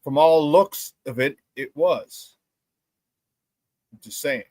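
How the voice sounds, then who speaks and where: A man hosting a casual sports talk show, telling stories excitedly with many restarts and repeated words. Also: on the high side, slow, no room sound.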